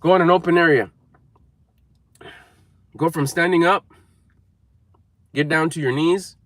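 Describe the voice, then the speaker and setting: A man's voice: a little high, unhurried, a bit bright. A man giving an emphatic, repetitive motivational talk to camera, coaching viewers. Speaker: motivational speaker.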